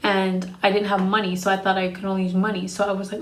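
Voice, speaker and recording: A woman's voice: mid-range voice, level tone, quick pace, roomy sound. A young adult woman telling a personal story in a casual storytime vlog, frank and profane. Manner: frank and profane, blunt retelling.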